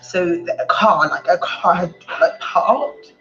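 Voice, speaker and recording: Woman, rambling storytelling, halting, faint music behind, muffled lo-fi audio. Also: on the low side, a bit bright. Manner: rambling, halting, many fillers and restarts. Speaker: panel guest. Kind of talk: emotional personal storytelling.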